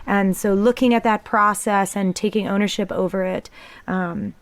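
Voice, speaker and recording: A woman talking reflectively about spiritual experiences in a casual conversation, often pausing with ums. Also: medium pitch, fairly even intonation, no echo. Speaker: guest sharing spiritual experiences.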